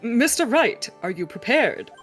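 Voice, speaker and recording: A pompous old male judge, slow and formal, as a woman plays him. The voice still sits fairly high and moves in lively swings, with faint music underneath. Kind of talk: reading game dialogue on a livestream.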